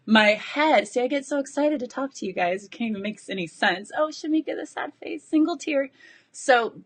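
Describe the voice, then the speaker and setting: Excited, breathless woman. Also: high voice, moderate pace. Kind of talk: live video chat to followers.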